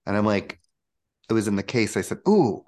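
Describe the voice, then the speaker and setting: A man being interviewed as a spiritual coach, telling a personal story in a casual, animated way and acting out the voices he quotes. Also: fairly low pitch, brisk. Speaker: guest, spiritual coach and channel.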